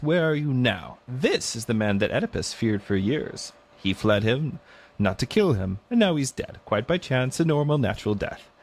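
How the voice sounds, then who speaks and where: An easygoing man with a mid-range voice co-hosts a relaxed conversation. He drops in quick asides and takes his turn reading passages aloud. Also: medium pitch. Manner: easygoing, quick asides, jokes about old films. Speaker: podcast co-host, deacon. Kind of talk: casual discussion.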